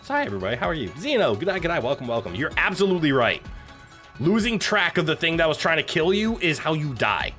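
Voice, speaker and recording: A man's voice: a little high, fast, soft background music. A man casually streaming a survival game, joking, swearing and chatting with viewers. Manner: animated and joking, swears, talks to chat and his pet.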